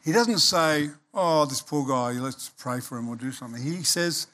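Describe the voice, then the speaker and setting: A man preaching a sermon as pastor, animated and emphatic, acting out quoted voices. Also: medium pitch, normal speed, few pauses.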